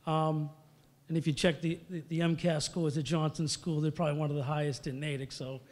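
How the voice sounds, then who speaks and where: A middle-aged man tells rambling stories into a podium microphone, full of fillers and restarts. His voice sits a bit high for a man. A long reverb from the big hall trails each phrase. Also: level tone, a little fast, a little mellow. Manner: rambling, storytelling, many fillers. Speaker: hall of fame inductee. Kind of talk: acceptance speech.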